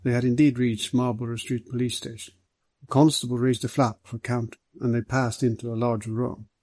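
Guy reading a novel aloud, measured, husky, mellow. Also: mid-range voice, little pitch movement, dry recording. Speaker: audiobook narrator. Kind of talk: audiobook narration.

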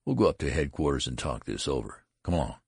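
An amused army colonel speaks gruffly but kindly, as a male storyteller puts him on. The voice is very deep and gravelly with a husky edge. A dry, close storybook reading. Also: very animated, fast, no room sound, heavily acted.

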